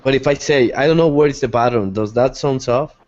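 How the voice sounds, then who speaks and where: A man's voice: mid-range voice, a little fast, a little mellow, no echo, lo-fi sound. A man, a student in an English class, asking a grammar question and following up. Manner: inquisitive, asks follow-up questions.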